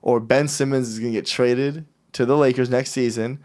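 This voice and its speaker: A man in casual podcast banter. He is an animated storyteller who jumps into other people's voices as he tells a story. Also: medium pitch, normal speed. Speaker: podcast host. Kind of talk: casual chat.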